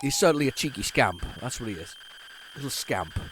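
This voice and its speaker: A man's voice: medium pitch, lively intonation, a little fast, background noise. A man hosting a retro gaming video, chatting casually to viewers as he rambles, stumbles and restarts his sentences. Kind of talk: casual running commentary.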